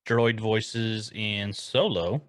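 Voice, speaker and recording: A man with a fairly low voice trades jokes and wordplay on a casual podcast. He sounds relaxed and playful. The sound is close and dry. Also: extremely slow, dry recording. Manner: jokey, wordplay banter. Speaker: podcast co-host. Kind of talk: casual chat.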